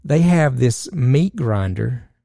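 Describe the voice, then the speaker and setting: Gravelly, dark-voiced man telling a story. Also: medium pitch, slow, no echo, studio quality. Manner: profane, animated storyteller with frequent fillers. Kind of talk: casual storytelling chat.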